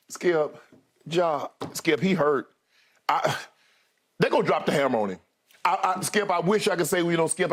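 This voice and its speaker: A man co-hosting a sports debate show, talking in an emphatic, colloquial way and often addressing his co-host directly. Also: sits high.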